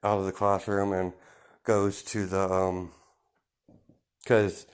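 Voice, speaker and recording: A man's voice: sits low, flat delivery, slow pace, clean tone. A man casually improvising a fan story, rambling with many fillers and restarts.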